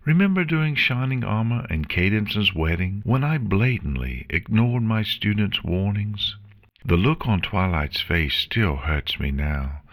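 A man voicing a gentle, regal elder pony princess in a fan fiction reading, speaking in a soothing, reassuring way. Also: fairly low pitch, sing-song, unhurried, voice pushed up. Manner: warm, soothing, reassuring speech.

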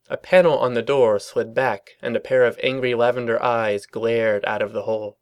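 A man narrating a storybook reading in a dry, even storytelling manner. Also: medium pitch, moderate pace, hardly any pauses, clean tone. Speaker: reader.

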